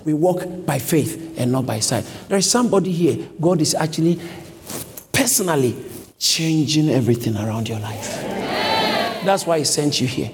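A man preaching a sermon as pastor, repeating short urgent commands and building up to shouts. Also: on the high side, expressive, moderate pace. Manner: repetitive exhortation, rising to shouts. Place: church. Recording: long hall reverb, faint background noise.

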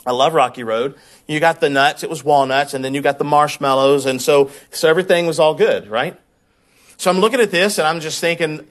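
Delivering a sermon, a pastor spins a personal story with conversational liveliness, repeating words as his intensity climbs. His voice is fairly high-pitched.

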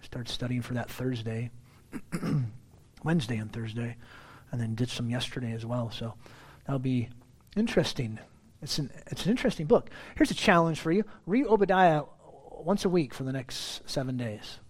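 A middle-aged man, a pastor preaching a sermon in church, talking in a conversational, self-deprecating way and getting louder when he stresses a point. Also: mid-range voice, expressive, moderate pace, breathy edge. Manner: conversational, self-deprecating, rising loud on emphasis.

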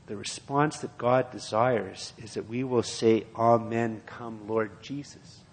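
A man's voice: mid-range voice, fairly even intonation, takes it slowly, a little hiss or hum. A man preaching a sermon and reading scripture aloud, in an earnest, repetitive preaching cadence. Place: church. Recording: long hall reverb.

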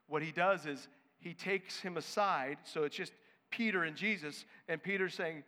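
A man's voice: high voice, normal speed, sharp tone. A male pastor preaching a sermon in an emphatic, conversational way. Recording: echoey hall.

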